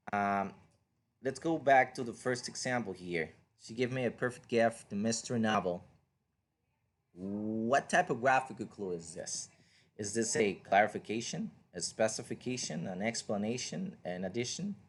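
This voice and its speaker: Here a Spanish-speaking man with a lowish voice leads an online English reading class. His lecture is patient and explanatory, and he keeps asking the listener questions.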